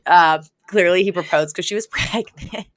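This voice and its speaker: A woman's voice: fairly low pitch, moderate pace, dry recording, studio quality. A woman co-hosting a podcast, chatting casually about a sitcom episode, with many "like" fillers and frequent laughter. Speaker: podcast co-host. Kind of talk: casual chat recapping a sitcom.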